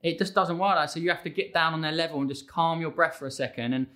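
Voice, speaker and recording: A man in his thirties, a fitness coach talking as a podcast guest, energetic with quick restarts and repeated words. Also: a little high. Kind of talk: casual podcast conversation.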